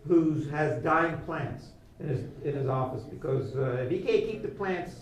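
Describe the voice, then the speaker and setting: Rambling halting man in an echoey studio. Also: on the high side, lively intonation. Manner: halting, full of fillers and restarts. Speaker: guest playing a doctor. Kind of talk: rambling comic monologue. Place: small studio. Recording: echoey room from far off, music behind.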